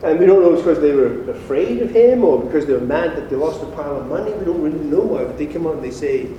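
A man preaching a casual, animated sermon to a congregation, talking informally as a pastor. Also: a little high, quick pace, muffled recording, slight background noise. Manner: animated and informal, acts out quoted voices. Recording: echoey hall, distant mic.

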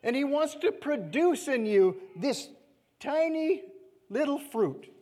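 A man preaching a sermon to his church in a conversational way, often checking in with "okay?" and dropping to soft, quiet phrases. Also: very high-pitched, lively intonation, slow pace, in a large hall. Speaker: pastor.

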